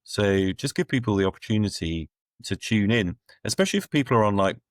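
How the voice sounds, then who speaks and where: A middle-aged man with a deep, low-pitched voice speaks as an interview guest. He talks bluntly and plainly, with dry, wry asides and firm opinions. The sound is close and dry, with no room echo. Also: animated, a little fast. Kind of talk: conversational interview answers.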